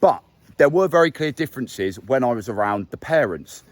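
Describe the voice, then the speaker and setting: A man's voice: medium pitch, animated, moderate pace, no echo. A young man with a neutral middle-class English accent, explaining a subject to camera in a casual, conversational way and stressing key words. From England. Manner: conversational, self-correcting, emphatic on key words. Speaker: YouTube host. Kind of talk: casual talking-head explainer.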